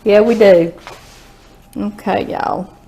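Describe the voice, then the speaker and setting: A woman's voice: mid-range voice, fairly even intonation, slow, dark tone, a little hiss or hum. A woman with a Southern US accent, hosting a home cooking video in a chatty, folksy way and savoring the food aloud. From Louisiana, US Southern. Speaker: cooking show host.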